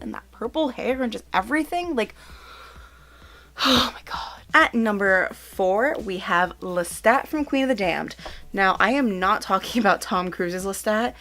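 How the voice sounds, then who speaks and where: A woman's voice: medium pitch, normal speed, fairly bright tone. A young woman hosting a casual countdown vlog, gushing and giggly, filling her talk with "like" and "oh my God". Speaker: YouTuber.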